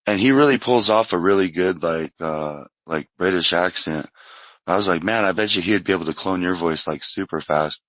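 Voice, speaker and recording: Bright joking man. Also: low voice, moderate pace, dry recording, poor audio. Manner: joking, loose and slangy. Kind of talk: casual online group chat.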